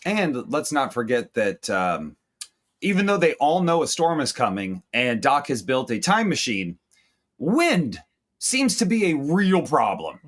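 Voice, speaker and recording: A man's voice: mid-range voice, huge pitch swings, a little slow, fairly bright tone. A man from the United States co-hosting a movie-review podcast, riffing in crude, sarcastic casual chat.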